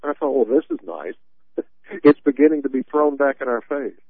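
A man's voice: mid-range voice, lively intonation, fairly quick, husky, no room sound. Sarcastic man on a tinny line. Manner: sarcastic, rambling storyteller. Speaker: radio talk show host. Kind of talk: political talk radio chat. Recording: tinny dry phone-line sound.

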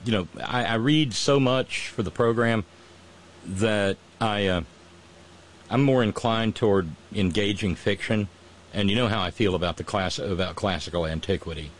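A man in casual chat, retelling an old myth in an animated, irreverent way and doing voices for its characters. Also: fairly low pitch, normal speed.

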